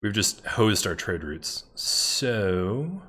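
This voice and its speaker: A man giving casual, excitable commentary while playing a strategy game, muttering to himself and swearing when things go wrong. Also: fairly low pitch, extremely slow, breathy edge. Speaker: gameplay commentator.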